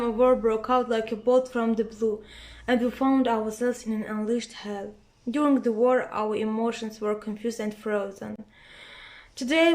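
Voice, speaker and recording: A young woman student from Armenia gives a closing statement in an earnest, grave tone. Her voice sits fairly high. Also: darkish tone. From Artsakh, Armenia. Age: young adult.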